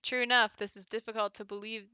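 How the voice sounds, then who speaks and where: A woman's voice: a little high, flat delivery, fast, pushed and bright, slight background noise, poor audio. A woman voicing a fussy older male judge, speaking formally and mildly exasperated.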